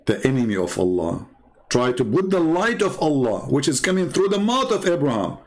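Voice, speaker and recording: Male host, Arabic accent, native Arabic speaker, mocking and rambling livestream commentary, highly animated pitch. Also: a little fast. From Middle East. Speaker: channel host and religion critic.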